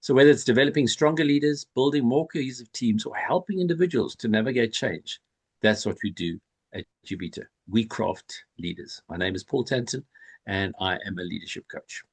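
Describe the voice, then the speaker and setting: Leadership coach, man, husky voice, measured pitch-style delivery. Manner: measured, rhetorical pauses. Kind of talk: pitch presentation.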